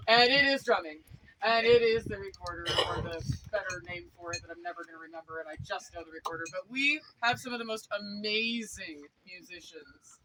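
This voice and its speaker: A woman giving an excitable speech at an outdoor event, laughing often and breaking into quoted exclamations. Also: medium pitch, fairly quick, noisy background. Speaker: speaker at a medieval society court. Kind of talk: enthusiastic public address.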